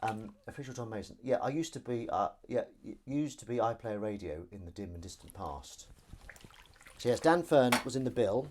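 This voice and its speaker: Chatty, animated man live-streaming. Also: lowish voice, moderate pace. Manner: chatty and animated, reading viewer comments aloud, laughing. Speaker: live stream host and actor. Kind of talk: casual live-stream chat.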